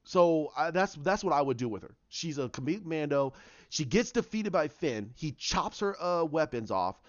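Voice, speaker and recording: A man with a somewhat high voice rambles through a casual retelling and stops often to find his words. The recording is dry and a little muffled. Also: lively intonation, no room sound. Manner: rambling, halting storyteller. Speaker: YouTuber.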